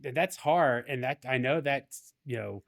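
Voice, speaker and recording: A man co-hosting a casual chat, asking questions in a friendly, halting way and laughing easily. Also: mid-range voice, creaky.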